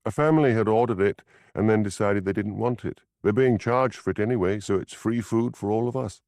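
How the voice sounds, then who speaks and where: A man voicing a composed adult woman who speaks in a calm, even voice, in a storybook. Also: fairly low pitch, fairly quick, no echo, studio quality, voice pushed up, lightly acted.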